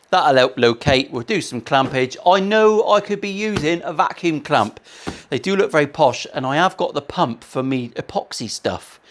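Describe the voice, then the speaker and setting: A man building a guitar in his workshop, chatting in a cheeky, joking, sweary way full of rambling asides. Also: mid-range voice. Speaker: luthier, guitar-building vlogger. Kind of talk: casual sweary banter while working.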